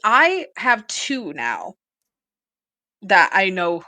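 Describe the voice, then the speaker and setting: A woman's voice: medium pitch, huge pitch swings, drawn-out words, pushed and bright, no room sound. A woman co-hosting a casual podcast, chatty and laughing often as she plans upcoming episodes. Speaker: podcast co-host. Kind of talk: casual chat.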